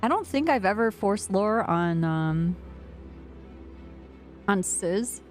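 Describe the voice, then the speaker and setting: A woman streamer chats casually while gaming, her mid-range voice slow-paced and lively in intonation. She tells a rambling story and laughs often, with faint music in the background.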